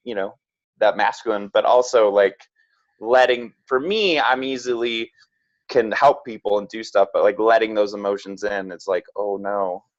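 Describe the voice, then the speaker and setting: A podcast guest with a lowish male voice talks at normal speed in a casual, reflective chat. He is earnest and frank, using lots of "like" and "right?", and the lo-fi sound is slightly dull.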